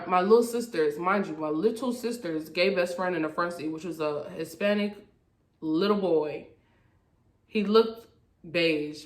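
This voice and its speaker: Brief: young woman vlogger, lowish voice, slangy animated storytelling, roomy echo. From Florida, USA. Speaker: YouTuber telling a story. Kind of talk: casual storytime vlog. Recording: echoey room.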